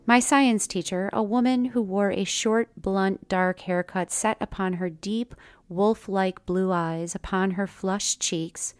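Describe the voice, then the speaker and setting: A woman's voice: medium pitch, steady tone, slow, smooth, dry recording. A woman narrating a first-person memoir to her listeners, with wry, conversational asides. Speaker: storyteller.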